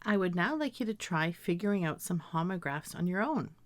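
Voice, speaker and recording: A woman teacher giving a recorded grammar lesson, reading example sentences slowly and carefully. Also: lowish voice, animated, no echo, studio quality.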